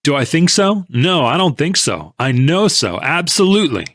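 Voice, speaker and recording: A man voicing an excited, pushy male stock tipster in an audiobook, insistent and raising his voice. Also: on the high side, normal speed, no room sound, studio quality, pitched above the performer's own voice. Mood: eager, insistent. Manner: insistent, eager, raised voice. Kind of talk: audiobook character reading.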